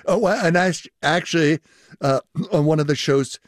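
A man's voice: on the high side, normal speed, no echo, clean studio sound. An older man, a linguistics professor, explaining at length in a radio interview and laughing often.

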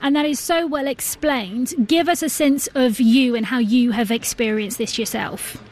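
A woman hosting a radio discussion, briskly inviting her guests to speak. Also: a little high, steady tone, a little mellow. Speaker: radio host.

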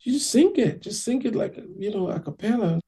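A man's voice: high-pitched, lively intonation, brisk, dark tone, breathy edge, voice pushed up, heavily acted. Man doing an eager, pushy older bar regular. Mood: insistent. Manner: insistent, eager, encouraging.

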